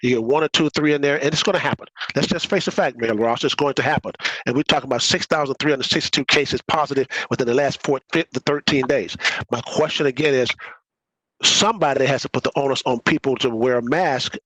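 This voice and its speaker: A man's voice: mid-range voice, fast, a bit bright, no room sound, rough recording. A man chairing a public policy meeting, arguing with passion and repeating words as he presses his point.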